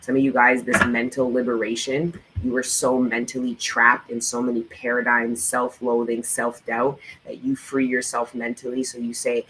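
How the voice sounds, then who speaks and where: Male tarot vlogger, mid-pitched, intense and profane, hammering his encouragement home over faint ambient noise. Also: completely flat delivery, normal speed, hardly any pauses, bright, forceful tone, rough recording. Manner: emphatic, profane motivational talk; repetitive, fervent encouragement. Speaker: tarot reader. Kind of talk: tarot reading vlog.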